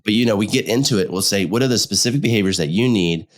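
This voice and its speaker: Low-voiced male therapist, animated. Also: quick pace. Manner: animated, acts out couples' dialogue when explaining. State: sick. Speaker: marriage therapist and podcast co-host. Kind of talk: casual conversational podcast chat.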